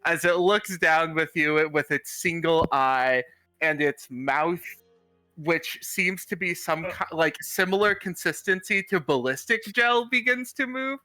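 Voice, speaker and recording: Guy player describing his character, bright clear voice, dry close sound, slow with restarts. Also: a little high, no echo, faint music behind. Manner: jokey, halting description.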